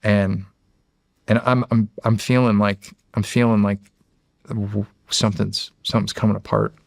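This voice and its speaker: Deep and gravelly, this guest is an ex-Navy SEAL from Erie, Pennsylvania, loosely recounting his experiences in an interview at a moderate pace with a flat delivery. His talk is rambling and full of swearing and restarted phrases, and he voices quoted dialogue. The recording is close and dry, with no echo.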